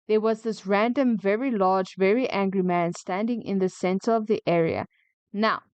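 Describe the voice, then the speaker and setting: A woman's voice: mid-range voice, clean tone, no echo. A woman streamer reading retail stories aloud and breaking off into chatty, opinionated, indignant asides. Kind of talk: casual chat mixed with reading stories aloud.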